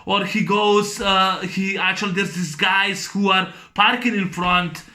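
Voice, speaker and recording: A man recording a casual movie discussion video, rambling excitedly with many restarts and fillers. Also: high voice, measured pace. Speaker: YouTube film reviewer.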